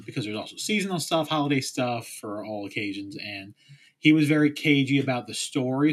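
Husky-voiced man chatting on a podcast. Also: fairly low pitch. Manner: rambling, trails off quietly, acts out little quotes. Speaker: podcast co-host. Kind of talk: casual chat.

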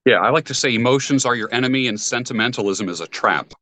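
Bright-voiced, firm man as podcast guest. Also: mid-range voice, quick pace, dry recording. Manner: firm, opinionated, explains principles. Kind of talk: casual podcast conversation.

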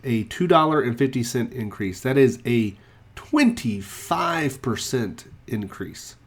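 A man's voice: mid-range voice, very animated, slow. A man hosting a casual podcast, chatty and a bit wry as he runs through the news. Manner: chatty, wry about price hikes. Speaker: podcast host.

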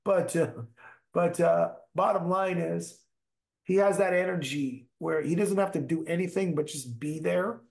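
A man, a bass player, telling rambling, profane stories in a casual chat. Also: a little slow, vocal fry. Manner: animated, profane, rambling anecdotes. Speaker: musician guest, bass player.

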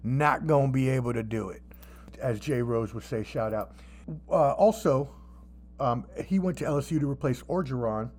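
A man hosting a podcast in casual sports chat, animated and profane, with mocking asides. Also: medium pitch, normal speed. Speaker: podcast host.

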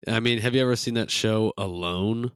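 A young man in laid-back podcast chat, with a low, smooth and resonant voice. He laughs often and swears casually. The recording is close and dry. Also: normal speed, no room sound. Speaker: podcast co-host.

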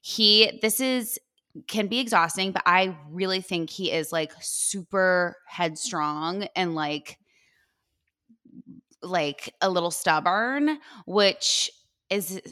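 A woman's voice: on the low side, slow, bright, forceful tone. A young woman co-hosting a podcast, chatting casually and fondly with lots of "like" fillers. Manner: gushing, filler-heavy. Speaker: podcast co-host. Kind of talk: casual chat.

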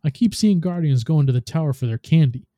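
Gruff greedy alien crime boss voiced by a man, demanding, very dark tone, dry sound. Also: fairly high pitch, expressive, a little fast, no room sound, voice pushed up, natural voice.

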